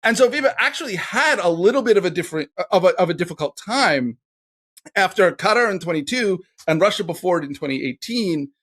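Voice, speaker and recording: Guest pundit, man, fairly high voice, wry and explanatory, casual podcast chat. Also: lively intonation, a little fast, a bit bright, husky. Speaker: guest, soccer podcast cohost.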